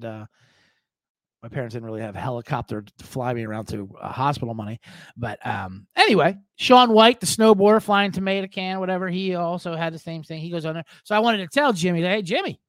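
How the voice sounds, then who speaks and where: Brief: man in his forties, podcast host, high pitch, dry close mic, swears a lot, rambles. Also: brisk, a bit bright, dry recording. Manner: profane, rambling, self-deprecating storytelling. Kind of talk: casual sports podcast monologue.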